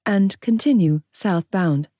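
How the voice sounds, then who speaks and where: A woman voicing a car sat-nav, giving directions in a flat, mechanical way, in an audiobook. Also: mid-range voice, slow pace, no room sound, studio quality. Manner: flat robotic instructions.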